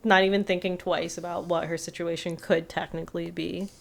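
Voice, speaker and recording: A woman's voice: lowish voice, little pitch movement, a little fast, gravelly. A young woman co-hosting a podcast in casual chat, easygoing and asking questions. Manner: easygoing, asks questions, laughs often. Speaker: podcast co-host.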